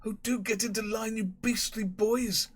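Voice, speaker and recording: A man's voice: high voice, steady tone, normal speed, breathy edge, no room sound, clean studio sound, voice pushed up. A man voicing a feeble, fretful elderly schoolmaster who pleads plaintively and in exasperation. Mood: exasperated.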